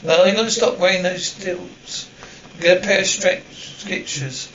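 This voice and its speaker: Sarcastic, streetwise waitress. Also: female voice, on the low side, measured pace, a bit bright, far from the mic, a little hiss or hum. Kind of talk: sitcom acting. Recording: dull roomy TV audio from afar.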